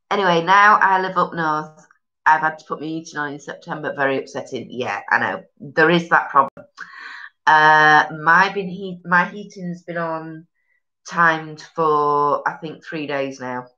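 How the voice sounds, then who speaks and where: A woman's voice: low-pitched, sharp tone, highs cut off. A woman with a Yorkshire accent hosting a casual live stream, chatting bluntly and rambling with sweary northern slang. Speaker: live stream host reading viewer comments. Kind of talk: casual chat.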